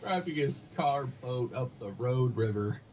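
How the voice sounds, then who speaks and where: A man's voice: mid-range voice, expressive, a little slow, darkish tone, poor audio. A man with a mid-range voice hosting a podcast in casual comedic chat. He talks in a dry, teasing way and slips into storytelling. There is a faint hiss behind him. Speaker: podcast host.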